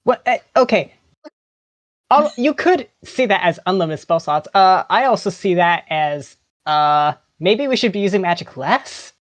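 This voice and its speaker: A woman on a voice call joins a tabletop game as a player, dropping dry, wry remarks. Her voice sits a bit low for a woman. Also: animated, a little slow, no room sound. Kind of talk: playing a tabletop game over voice chat.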